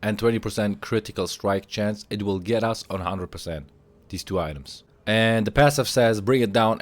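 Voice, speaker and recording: A man who is a little sick, explaining a video game item build and reading item stats aloud, getting excited as he hypes the items. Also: sits low. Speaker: game guide creator. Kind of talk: gameplay guide commentary.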